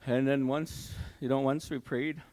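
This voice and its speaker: An older man gives his personal testimony at a church service, telling it in a halting, heartfelt way with many fillers and restarts. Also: medium pitch, steady tone, a little mellow. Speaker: church member giving testimony. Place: community hall church service.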